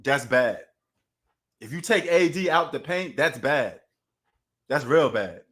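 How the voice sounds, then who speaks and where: A man's voice: mid-range voice, lively intonation, slow, fairly bright tone. A man with a Queens New York accent hosting a casual sports livestream, talking loosely and slangily to his chat.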